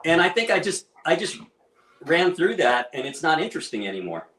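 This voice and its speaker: A man's voice: on the high side, a little fast. Man chatting in an echoey room. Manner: animated, laughs often. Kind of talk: casual chat. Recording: roomy echo.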